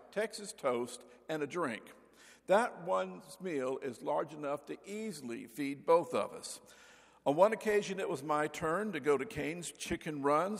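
An older man preaching a sermon as pastor, telling folksy stories and acting out the voices in them, with a gravelly voice. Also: on the high side, long reverb tail. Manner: folksy storyteller, acts out voices. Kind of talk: sermon with anecdotes. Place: church sanctuary.

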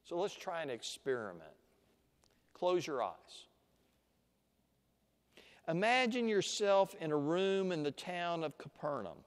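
A man preaching a sermon, teaching slowly and deliberately with dramatic pauses and leading listeners through an imagined scene. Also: on the high side, very animated, clean tone. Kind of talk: sermon with guided imagination exercise. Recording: long hall reverb.

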